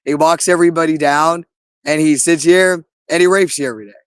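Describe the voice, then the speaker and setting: A man's voice: on the high side, fairly even intonation, brisk, smooth, no room sound. A man in an agitated, rambling monologue, cursing often and repeating himself. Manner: agitated, profane, repetitive.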